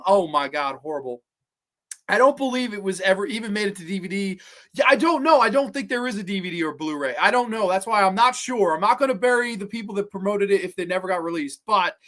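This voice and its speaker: With a medium-pitched, somewhat bright voice, the host rambles through horror film rankings on a livestream podcast. Opinions come out blunt and profane, interrupted by restarts, asides that trail off, and replies to viewers.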